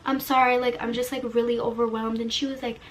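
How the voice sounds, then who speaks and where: A woman's voice: on the high side, flat delivery, quick pace, slight background noise. A young adult woman telling a personal story in a casual, rambling vlog style, filling her speech with "like". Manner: chatty, filler-heavy, rambling. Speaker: vlogger.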